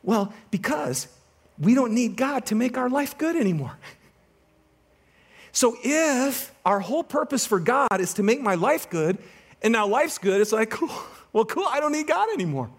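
A man with a high, light voice delivers a sermon to his congregation. He tells a story with energy and teases the crowd as he goes. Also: measured pace. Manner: animated storytelling, joking with the congregation. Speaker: pastor.

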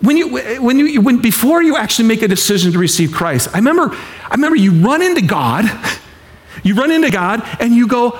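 A man preaching a sermon with passion, repeating phrases and acting out the voices of people and God, swinging from loud pleading to hushed intensity. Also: extremely high pitch, very animated, a little fast. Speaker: pastor.

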